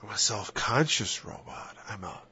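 Man, earnest Christian talker, rambling and halting, dull dry lo-fi sound. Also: fairly low pitch, animated, slightly rough, no echo. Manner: earnest, rambling, halting, with soft whispered asides. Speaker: Christian speaker. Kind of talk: casual religious discussion.

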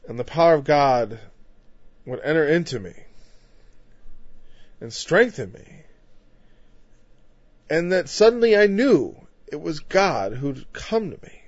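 A man's voice: on the high side, very animated, slow, pauses often, no room sound. A man delivers a conversational sermon, his slightly raised voice growing more emphatic as he runs through lists. The recording is muffled and lo-fi. It is also dry, with no room sound behind him. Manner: emphatic, climbing louder through lists, with frequent "you know" asides. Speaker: preacher. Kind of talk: conversational Bible-teaching sermon.

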